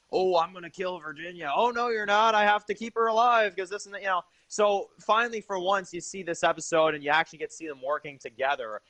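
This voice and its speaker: Young male reviewer, a bit high-voiced, enthusiastic and rambling, casual delivery. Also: bright, forceful tone, dry recording. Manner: enthusiastic, rambling with many fillers. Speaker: TV episode reviewer.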